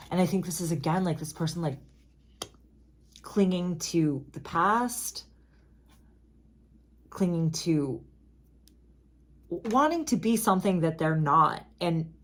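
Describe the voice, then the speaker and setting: A woman giving a casual tarot reading, talking in a chatty, emphatic way with asides and quick apologies. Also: low-pitched. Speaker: tarot reader.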